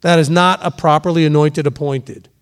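A middle-aged male pastor delivers a sermon in a somewhat high, clear and resonant voice, keeping a steady tone at a moderate pace. He is emphatic, repeating points for stress and occasionally acting out the voices of gossiping people.

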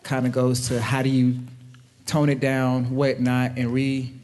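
A man speaking from the congregation in an ordinary mid-pitched voice. He asks his question slowly and haltingly, restarting as he looks for the right words. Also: completely flat delivery, darkish tone. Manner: hesitant, restarts, searching for words. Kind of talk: casual question from the floor.

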